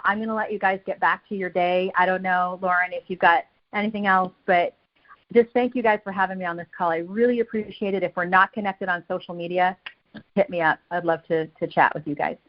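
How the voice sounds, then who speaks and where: A woman gives a punchy motivational talk over a video call, driving her points home by repeating short phrases. Her voice sits at a middle pitch. The call audio is dull and lo-fi. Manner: energetic, emphatic, repeats phrases for effect. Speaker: guest speaker on a team call.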